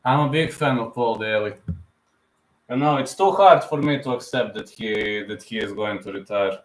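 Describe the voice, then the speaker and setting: A man's voice: on the low side, moderate pace. Guy in his 30s on a live fight stream, gets emotional, keeps repeating himself, bit of room echo. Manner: emotional, repetitive fan talk.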